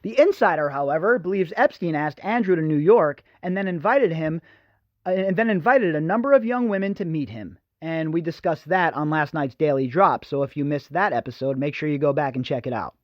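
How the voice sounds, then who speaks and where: Male podcast host, higher than average, sarcastic and opinionated; dry, slightly dull recording. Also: a little fast, no echo. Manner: sarcastic, blunt, lively. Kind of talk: opinionated news commentary.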